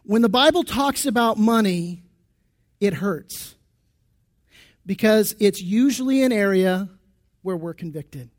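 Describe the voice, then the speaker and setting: A pastor with a very high voice gives a sermon in his church, speaking slowly and expressively with long pauses. He keeps it conversational, restarting sentences and turning to the congregation with asides.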